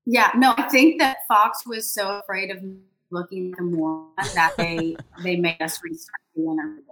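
Woman, bright ringing voice, lively self-mocking storyteller, casual podcast chat. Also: medium pitch, normal speed, faint music behind, poor audio. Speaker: sideline reporter guest.

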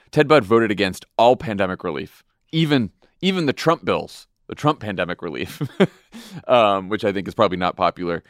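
A man hosting a political podcast, with a very low, deep voice. He is recorded dry and close, and he talks in a wry, conversational tone. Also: dry recording. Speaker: podcast host. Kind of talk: casual political chat.

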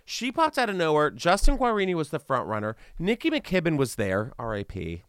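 Podcast host, man, lively storyteller, smooth clear voice, dry close sound. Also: on the high side, fairly quick, dry recording. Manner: animated storytelling with playful asides. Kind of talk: casual chat.

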